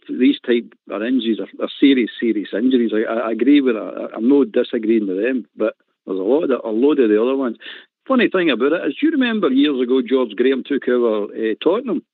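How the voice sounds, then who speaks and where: A man's voice: mid-range voice, lively intonation, a little fast, no echo. Ranting Scottish man on a phone line. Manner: passionate, ranting, laughs often. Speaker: caller. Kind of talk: phone-in football rant. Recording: tinny phone line, dry.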